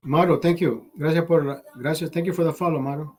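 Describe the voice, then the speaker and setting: He speaks quickly in a fairly high, steady voice with a darkish tone over soft background music. The man, from Honduras and streaming from Los Angeles, California, rants profanely on a casual livestream, mixing English and Spanish.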